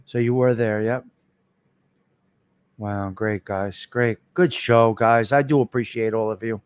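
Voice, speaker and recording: A man's voice: on the low side, fairly even intonation, measured pace, long pauses, clear, resonant tone, no echo. Chatty New man spinning old stories. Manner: rambling, repetitive, profane storyteller talking to viewers by name. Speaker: live stream host. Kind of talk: casual live-stream storytelling.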